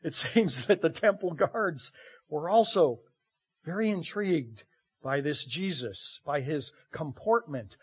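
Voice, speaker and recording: A pastor delivers a sermon, his husky, slightly high voice swelling for emphasis and dropping low for asides. He leans on dramatic pauses. The recording is muffled and lo-fi. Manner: expressive, swinging between loud emphasis and quiet asides.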